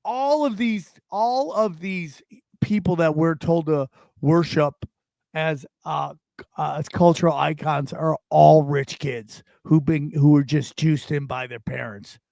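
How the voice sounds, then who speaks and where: A man with a fairly high voice rambles through a casual podcast chat, tossing in dude and bro as he goes. The mic is close and dry, with no room sound. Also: unhurried, gravelly, no room sound. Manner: rambling, animated, calls listener dude and bro. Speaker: podcast guest comedian.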